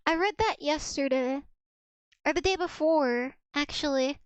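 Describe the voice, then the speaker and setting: Sounding out foreign words on a casual stream, a young woman works through some Russian with plenty of "like" and self-teasing chatter. Her voice is high-pitched and a little slow, recorded dry.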